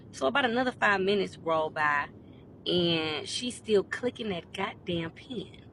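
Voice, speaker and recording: A woman working as a school behavior interventionist, ranting to camera in a blunt, profane, emphatic way and building up to near-shouting. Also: mid-range voice, moderate pace, a little hiss or hum.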